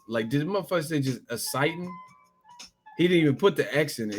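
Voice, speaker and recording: A man's voice: mid-range voice, faint music behind. A man hosting a boxing channel, riffing in casual, profane commentary and firing off one rhetorical question after another. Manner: animated, profane, rapid-fire rhetorical questions.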